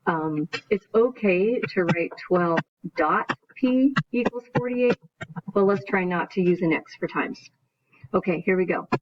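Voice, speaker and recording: A woman's voice: fairly low pitch, measured pace. A woman math teacher giving a recorded video lesson, explaining each step in order and often checking in with "right?". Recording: dull lo-fi recording.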